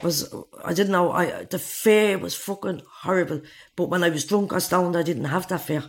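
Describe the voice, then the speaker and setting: Her voice sits on the low side and moves at a moderate pace as this fortyish Irish woman bluntly narrates her life story for an interviewer. She swears freely and voices other people's lines herself.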